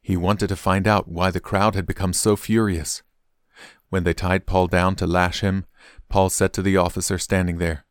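Male scripture reader with a low, steady voice and a measured, unhurried read. Dry, close sound. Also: smooth, no echo. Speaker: Bible reader.

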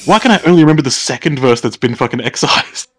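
A man's voice: medium pitch, animated, fast. Australian man, wry movie riffer, mid-range voice. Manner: wry, laughing asides. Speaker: movie riff commentator. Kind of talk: joking movie commentary.

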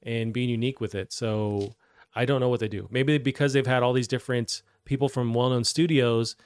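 A man's voice: medium pitch, steady tone, fairly quick, clear, resonant tone, no room sound. A man hosting a gaming news show, talking in a loose, rambling way with many fillers. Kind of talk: casual gaming news chat.

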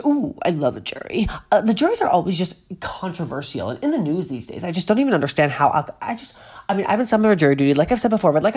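A woman's voice: low voice, husky. A woman from Massachusetts, sniffly from a cold, reads a news article aloud and keeps breaking off into gushing asides and tangents. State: getting over a cold, sniffly. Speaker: vlogger. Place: at home with a pet on her lap.

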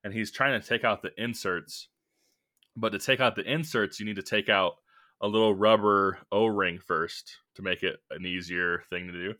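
A man's voice: lowish voice, steady tone, moderate pace, sharp tone. A young man co-hosting a podcast, casually telling a work story in a rambling way with lots of fillers and restarts. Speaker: podcast co-host.

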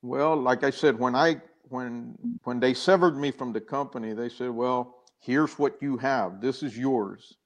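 An older man appears as a guest in an interview, earnestly recounting a personal story full of restarts and acted-out dialogue. He speaks at a medium pitch, a little slowly and with few pauses, and the sound is lo-fi.

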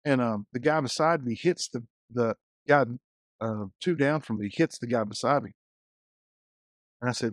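A man, a guest minister, telling lively stories in a casual podcast conversation, full of restarts and acted-out quotes. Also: mid-range voice, fairly quick, no room sound, clean studio sound. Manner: storytelling, animated quotes, many restarts.

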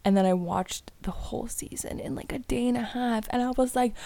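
A woman's voice: on the high side, fairly quick, vocal fry. A woman co-hosting a casual podcast chat, telling stories with lots of laughter and acted-out quotes. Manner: animated storyteller, laughs often, acts out quotes. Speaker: podcast co-host.

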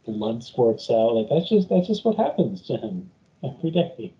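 A man's voice: medium pitch, sing-song, normal speed. A man co-hosting a casual chat, giving emphatic opinions with stumbling restarts. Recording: dull lo-fi sound.

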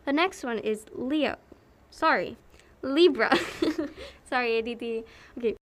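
A young woman co-hosting a casual podcast, teasing and playful, quick to correct her partner and crack jokes. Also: fairly high pitch. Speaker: podcast co-host. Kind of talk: casual chat.

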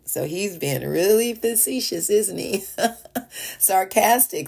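In a casual Bible teaching recorded as a podcast voice message, the woman hosting a devotional show reads a passage aloud and talks it through chattily with small laughs. She speaks slowly in a lowish, darkish, slightly rough voice with vocal fry.

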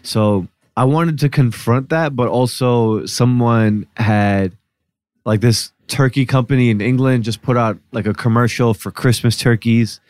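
A man's voice: medium pitch, a little slow, dry recording. A man in his thirties, a journalist guest, telling stories in a casual podcast chat and laughing often. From United States. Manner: laughing often, animated storytelling.

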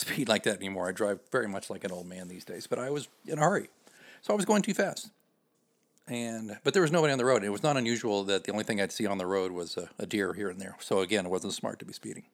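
A man hosting a podcast, telling a personal story in a conversational, self-deprecating way with frequent fillers. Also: on the low side. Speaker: podcast host.

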